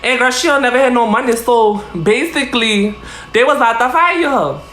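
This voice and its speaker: A woman's voice: fairly high pitch, animated, a little fast, a bit bright. A woman vlogger telling a casual story in a chatty, profane way, calling the listener girl again and again. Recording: roomy echo.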